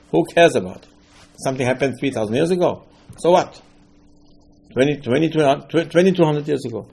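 Gravelly emphatic man giving a sermon. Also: on the high side. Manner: emphatic, rising to loud bursts, non-native grammar. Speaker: rabbi.

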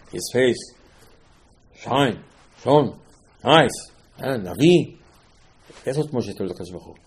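A rabbi with a medium-pitched, slightly mellow, mid-range voice gives a Torah class as a dramatic, animated sermon. He retells the stories with conversational gusto and acts out the characters' lines, his delivery swinging from soaring exclamations to near-whispered asides.

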